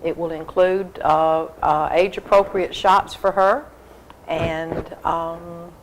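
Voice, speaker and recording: A woman speaks as a guest on a local TV show, explaining things earnestly and steadily. She uses lots of fillers as she goes. Her voice is somewhat low, with faint hiss behind it. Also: steady tone, slow, poor audio. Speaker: humane society volunteer guest. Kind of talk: casual interview.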